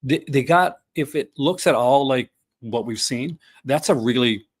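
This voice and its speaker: A man's voice: medium pitch, a little slow, husky. A man in his fifties hosting a casual chat, rambling with many fillers and restarts. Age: 50s. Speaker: podcast host.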